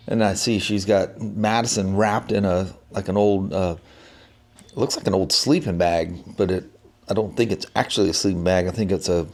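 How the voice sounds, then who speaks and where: A man's voice: lowish voice, darkish tone. A middle-aged man vlogging casually, telling a family story in a rambling way with lots of fillers and restarts.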